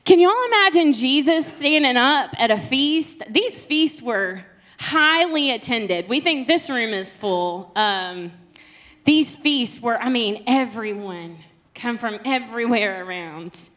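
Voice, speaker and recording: A woman, preaching a passionate sermon that swings between soft and loud. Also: a little high, expressive, slow pace.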